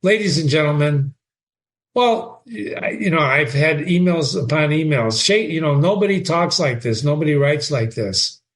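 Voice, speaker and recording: A man's voice: a little high, lively intonation, normal speed. A man hosting a reading, who explains old verse in plain words with chatty enthusiasm. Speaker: host explaining a play. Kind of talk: casual reading commentary.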